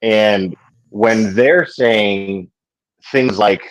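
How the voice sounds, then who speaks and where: A man's voice: fairly low pitch, very slow, dry recording. A man on a livestream panel, speaking hesitantly and hedging, with many restarts. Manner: hesitant, hedging, repeats himself. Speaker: guest panelist. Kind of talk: casual livestream panel discussion. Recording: dull, dry livestream audio.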